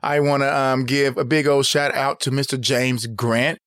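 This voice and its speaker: A man co-hosting a podcast in a casual, animated, playful chat. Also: medium pitch, normal speed, no room sound, studio quality. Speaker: podcast co-host.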